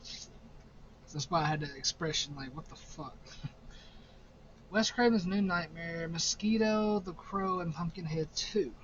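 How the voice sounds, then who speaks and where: A young man with a fairly high voice rambles through a ranking of horror films. He swears freely and laughs easily. The recording sounds a little dull, with a faint hiss underneath. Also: a bit bright. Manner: profane, rambling, quick to laugh. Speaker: horror movie vlogger. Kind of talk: casual ranking commentary.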